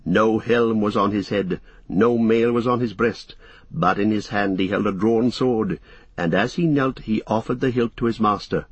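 A man narrating a fantasy novel as an audiobook, in steady, measured storytelling. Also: fairly low pitch, breathy edge, dry recording.

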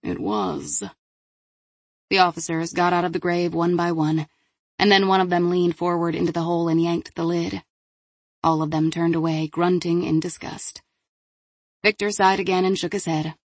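A woman narrating a crime novel audiobook in a measured, even way. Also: lowish voice, dry recording.

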